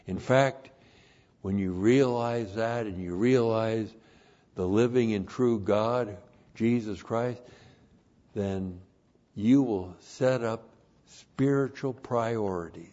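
A man's voice: lowish voice, takes it slowly, dark tone, muffled recording. A man preaching an expository sermon to his congregation, speaking emphatically, repeating key words and spelling out Greek terms letter by letter. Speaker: pastor.

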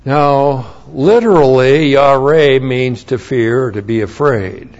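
Man preaching verse by verse, spells words out letter by letter, slow and emphatic, dry jokes, muffled old recording. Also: mid-range voice, darkish tone. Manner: dry humor, chuckling asides. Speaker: pastor. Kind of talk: verse-by-verse Bible teaching. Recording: dull lo-fi recording.

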